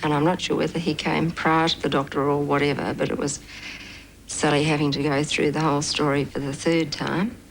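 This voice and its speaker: A woman's voice: sits low, level tone, brisk, creaky, low-quality recording. A woman in a documentary interview, recounting events in a plain, matter-of-fact way. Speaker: interviewee, supporter of a victim.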